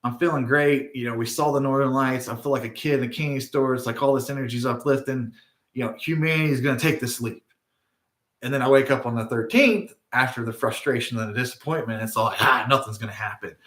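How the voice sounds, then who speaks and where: A man's voice: mid-range voice, quick pace, a bit bright. Rambling middle-aged man in a roomy space. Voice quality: frequent tag questions, digressive storytelling. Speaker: spiritual video host. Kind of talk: casual rambling monologue. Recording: roomy echo.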